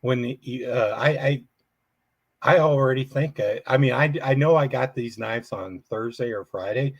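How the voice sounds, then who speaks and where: A man hosting a casual livestream chat, talking in halting bursts with many restarts. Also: medium pitch, dry recording, muffled recording. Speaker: livestream host.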